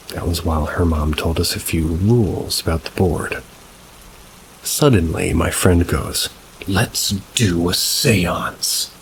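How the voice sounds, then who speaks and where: A man calmly narrating reader-submitted paranormal stories, adding brief asides of his own. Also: low voice, noisy background. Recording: rain sounds mixed behind the voice. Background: steady rain ambience.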